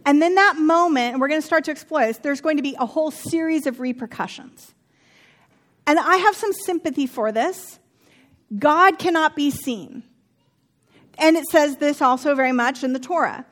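A woman's voice: high-pitched, normal speed. A woman in her thirties teaching from the Bible in a chatty, humorous way, with personal asides.

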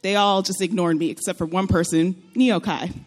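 A young woman telling a personal story in a casual, animated way, laughing often and acting out what people said. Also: fairly low pitch, normal speed, loud music behind the voice. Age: young adult. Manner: animated, laughing often, acts out quoted voices.

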